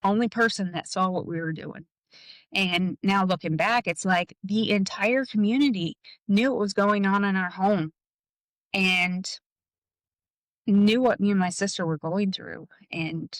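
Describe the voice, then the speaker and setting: A woman guest in an interview, telling a personal story in a halting way, full of "like" and "um". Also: medium pitch, dry recording, rough recording.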